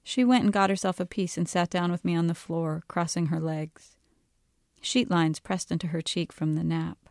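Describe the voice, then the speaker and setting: A woman author reading her own novel aloud in a calm, measured way. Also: fairly low pitch, no room sound, studio quality.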